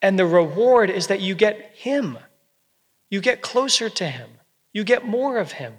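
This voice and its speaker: A man preaching a sermon as pastor, earnest and gentle, with soft quoted asides. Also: high-pitched, animated, unhurried, big-room sound.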